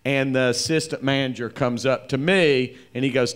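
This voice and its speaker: A man hosting a live comedy interview, rambling and animated as he acts out quoted voices. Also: mid-range voice, normal speed. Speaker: interview host, comedy club owner.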